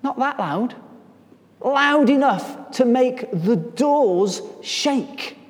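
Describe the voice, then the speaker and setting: Male preacher, unhurried delivery, swings from hush to loud emphasis, recorded in a hall with long reverb. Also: extremely high pitch, expressive. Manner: dramatic shifts between soft and loud delivery. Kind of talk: sermon.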